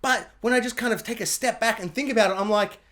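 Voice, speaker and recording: A show reviewer in a casual rant, sarcastic and animated, often slipping into mock quotes. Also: mid-range voice, fast talker.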